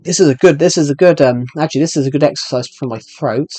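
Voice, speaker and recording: A man's voice: a little high, fast, mellow, no room sound, faint music behind. A young man live-streaming a game, rambling and joking as he answers chat messages. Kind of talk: casual live-stream chat while gaming.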